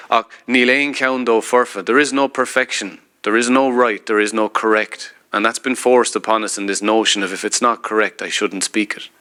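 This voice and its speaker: A man's voice: on the low side, bright, forceful tone, clear, resonant tone. A man with an Irish accent, reading poetry and then talking on a festival panel in an earnest, emphatic way. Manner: earnest and emphatic, with bursts of laughter.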